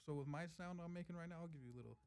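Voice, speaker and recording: A man talking as a producer guest on a podcast. He speaks softly and easily, often trailing off quietly. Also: fairly high pitch, very fast, creaky, clear, resonant tone. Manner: soft-spoken, relaxed, laughs often. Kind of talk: casual interview chat.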